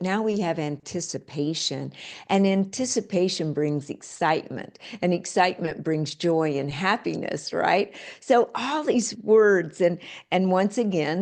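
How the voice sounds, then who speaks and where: A middle-aged woman author talking in an interview, animated, acting out quoted phrases in different voices. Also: lowish voice. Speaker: author and guest. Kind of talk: interview conversation.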